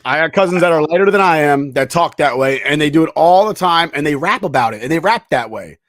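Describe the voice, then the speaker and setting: A man co-hosting a podcast in casual, argumentative chat, pushing his point with long examples. His voice is a bit high for a man. The recording is close and dry, with little room sound. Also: expressive, quick pace, fairly bright tone, no echo. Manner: insistent, argues with long examples. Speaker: podcast co-host.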